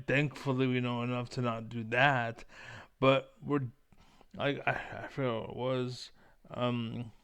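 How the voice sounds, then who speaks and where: A man vlogging a casual rant. He rambles and swears, leaning on "like" constantly. His voice is smooth and resonant at an ordinary male pitch. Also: a bit bright. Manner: rambling, profane, heavy use of "like". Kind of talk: casual ranting monologue.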